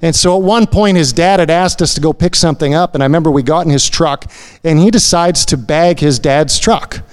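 A man's voice: on the high side, fairly quick, smooth. A man speaking to a church congregation in a conversational way, often adding "you know" and "right?" as he shares a story. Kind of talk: sermon-style testimony.

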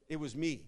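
A man with a high voice preaches in a church, telling jokes as he goes. He stumbles and repeats words, then bursts out loud now and again. His voice rings out in a long, echoing hall. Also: creaky. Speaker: pastor. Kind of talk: sermon with jokes. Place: church sanctuary.

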